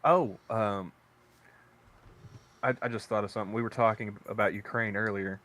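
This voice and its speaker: A man who works at a convenience store co-hosts a casual podcast, rambling through stories with many restarts. His voice is fairly low, a bit bright, and fairly even in intonation at normal speed.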